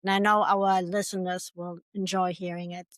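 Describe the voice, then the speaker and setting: A woman's voice: on the low side, level tone, normal speed, no echo. A woman hosting a podcast, thanking her guest and reading out channel plugs and a disclaimer. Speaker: podcast host. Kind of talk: podcast sign-off.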